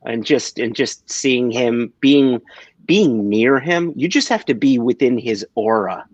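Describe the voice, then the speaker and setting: A man's voice: medium pitch, a little slow, no room sound. Hesitant man, dull dry sound. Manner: hesitant, restarts, warm about a friend. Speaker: guest from a beverage importer. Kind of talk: casual chat on a live stream.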